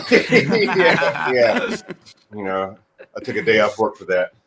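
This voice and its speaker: A man's voice: on the low side, wildly swooping pitch, slow pace, noisy background. A man voice actor asking fellow panelists easygoing questions. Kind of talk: casual panel chat.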